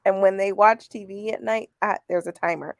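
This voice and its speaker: A woman's voice: medium pitch, fairly even intonation, moderate pace, gravelly, no room sound, clean studio sound. A woman, hosting a casual livestream chat, laughing often and reading comments aloud. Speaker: host.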